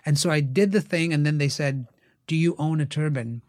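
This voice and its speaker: A man's voice: on the high side, brisk, no room sound, clean studio sound. A man, an actor and writer, telling stories animatedly in a casual interview, acting out other people's voices. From India. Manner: animated, acts out quoted voices.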